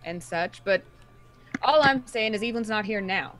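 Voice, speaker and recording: A brooding young man, scheming and calculating, doubting every claim in a measured, insinuating tone, as a woman plays him at a tabletop game. His pitch sits mid-range, with a faint hiss of noise behind. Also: lively intonation, fairly bright tone, lightly acted.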